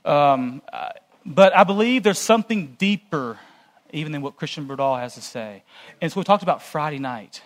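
A man with a fairly high voice addresses a church gathering in an earnest, cautionary tone. He delivers a conversational sermon-style lecture, talking directly to the congregation. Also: animated, normal speed. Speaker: church speaker.

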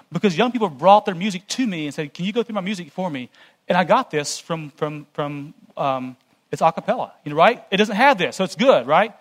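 High-voiced man giving an earnest church talk. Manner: earnest and cautionary. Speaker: church speaker. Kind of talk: conversational sermon lecture.

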